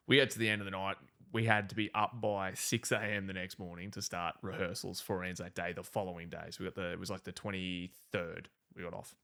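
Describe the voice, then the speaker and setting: A very deep Australian male voice full of gravelly fry. He hosts a podcast, answering with quick relaxed replies and telling his own stories in easy chat. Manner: relaxed, swears casually, short backchannel replies. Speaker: podcast host. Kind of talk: casual chat.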